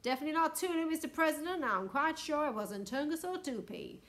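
A woman's voice: high voice, expressive, fairly quick, a bit bright, pitched above the performer's own voice. Woman doing a nervous deferential interpreter. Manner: polite and fussy.

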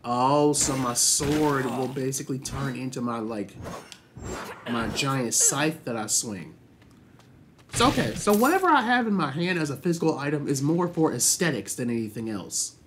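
A young man casually commenting on his own gameplay, chatty and excitable, swearing freely and reacting loudly to what happens on screen. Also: medium pitch, normal speed, noisy background. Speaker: gaming channel host.

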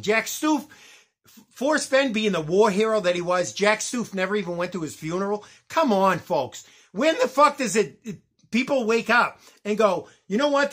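A man's voice: high voice, sharp tone. A man ranting angrily into the camera, swearing hard and tripping over his words. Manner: angry, profane, repeats words and restarts. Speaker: vlogger. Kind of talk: angry ranting vlog.

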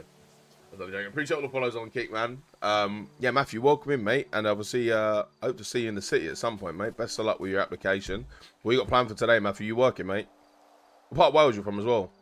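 A man's voice: on the low side, quick pace, fairly bright tone. A young man chatting casually with his live-stream viewers while gaming, joking around and using slang. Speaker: game streamer.

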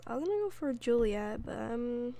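A woman giving casual gameplay commentary, excitable, with gasping exclamations and whispered asides. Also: a little high, normal speed, vocal fry. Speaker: let's play gamer.

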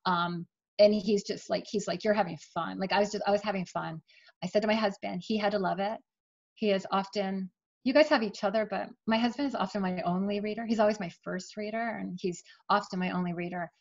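A middle-aged woman, an author, telling the story of her writing career in a chatty, animated way during an interview. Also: mid-range voice, fairly quick, dull audio. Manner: chatty, animated, emotional at times. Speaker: author guest.

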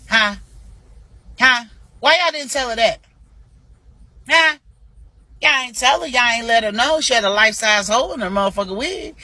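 A livestream host delivers a heated, profanity-laced rant at a rival, scolding and swearing constantly. Her bright, forceful, fairly high voice swings widely in pitch, lurching from outright shouting to mocking asides, in a dry recording.

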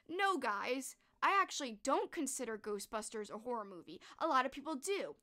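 Casting note: a young woman, slightly high-voiced, chatty and effusive as a live-stream host. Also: expressive, a little fast, few pauses, pushed and bright. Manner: chatty, enthusiastic, gushing with restarts. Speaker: streamer and horror book host. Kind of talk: casual live-stream chat.

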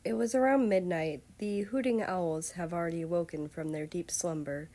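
A woman reading fan fiction aloud as a steady storyteller. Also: lowish voice, moderate pace. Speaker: fanfiction reader.

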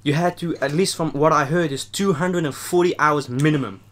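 A young Dutch man from the Netherlands hosts a mukbang, chatting casually while he eats. His voice sits fairly high and moves at a moderate pace. He rambles and jokes, and his sentences trail off quietly.

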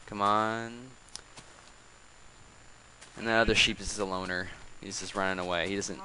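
A man's voice: lowish voice, sharp tone, a little hiss or hum, rough recording. A man giving casual gameplay commentary, coaxing animals along with exasperated, chatty asides. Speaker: let's play host.

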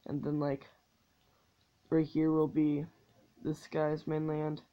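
A woman's voice: deep voice, completely flat delivery, slow pace, lo-fi sound. A young woman giving casual commentary on a strategy game, talking loosely with lots of fillers and swearing. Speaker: gameplay commentator. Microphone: tablet's built-in mic.

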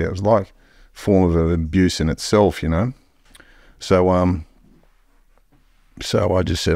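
A man's voice: sits low, fairly even intonation, a little slow, gravelly, pauses often, a little mellow, no room sound, clean studio sound. An Australian man telling stories as a podcast guest in a blunt, heavily profane way. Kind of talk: casual storytelling.

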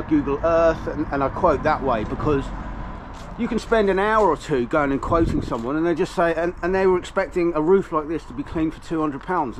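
A man's voice: a little high, a little hiss or hum, rough recording. A man who runs a roof cleaning business, chatting casually to the camera outdoors at a house with a garden. He rambles and often restarts his sentences. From England. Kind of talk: casual vlog narration.

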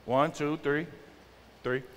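A man in his forties, a youth pastor giving an animated sermon and acting out teenagers' talk. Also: a little high, slow pace, slight background noise. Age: 40s. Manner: animated, acts out teen slang with exaggerated voices. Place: church sanctuary. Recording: large hall with long reverb.

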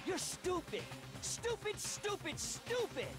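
A woman voicing a defiant, hot-headed young male student who shouts and repeats insults. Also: very high voice, sing-song, takes it slowly, pitched above the performer's own voice, full character voice. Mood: childish defiance. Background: game music.

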